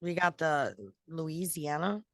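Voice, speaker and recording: A woman's voice: sits low, fairly even intonation, slow pace, a crowd in the background. A woman co-hosting a casual chat podcast, playful and gushing as she talks. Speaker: podcast co-host.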